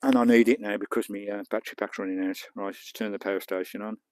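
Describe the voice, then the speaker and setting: A man's voice: on the low side, steady tone, fast talker, slight background noise. A man, chatting casually to viewers on a live stream outdoors on a beach, talking as he works and swearing lightly. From England. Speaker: vlogger. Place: outdoors on a beach and in his camper van. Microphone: small clip-on mic, distance varying.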